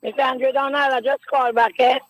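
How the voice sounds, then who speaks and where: A woman's voice: high voice, little pitch movement, a little fast, dry recording, low-quality recording. A woman with a Grenadian accent calling into a radio show, chatty and asking for a favor. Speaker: caller. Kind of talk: casual phone call to radio.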